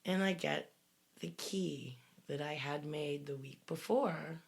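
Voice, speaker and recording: Middle-aged woman telling her wild story on a podcast, low voice, swears a lot, gets loud at the big moments. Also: takes it slowly, vocal fry, husky. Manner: vivid, swearing, dramatic retelling with sudden loud bursts.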